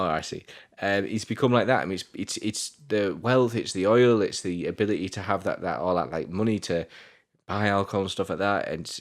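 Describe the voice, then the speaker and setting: A British man hosting a film review, talking in a very low voice. He gushes over scenes and swears freely in relaxed chat. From Britain. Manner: effusive, swears often.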